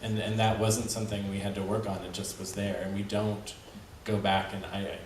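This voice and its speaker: A man's voice: on the low side, level tone, moderate pace, darkish tone, a little hiss or hum. A man answering thoughtfully as an author on a panel, with some hesitation. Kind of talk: panel discussion. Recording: echoey hall heard from far off.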